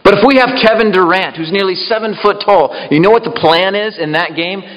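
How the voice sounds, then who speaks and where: A man's voice: high-pitched, brisk, fairly bright tone, highs cut off. A man preaching a sermon, emphatic and asking the congregation questions. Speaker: pastor. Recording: long reverb in a hall.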